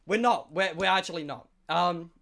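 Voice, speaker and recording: A man's voice: high-pitched, normal speed, gravelly, pushed and bright. A man streaming, telling a comic story to his chat, swearing and exaggerating. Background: music.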